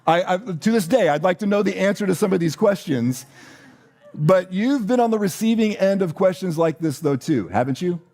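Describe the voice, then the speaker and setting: Mellow-voiced pastor, conversational. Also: male voice, high voice, expressive, moderate pace. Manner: conversational, warm-hearted, with many fillers and restarts. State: choked up. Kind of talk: sermon with announcements.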